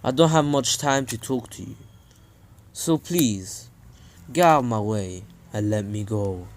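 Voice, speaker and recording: A young man voicing a cold, solemn male ninja leader in a low, slow, grave voice for a fan story. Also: lively intonation.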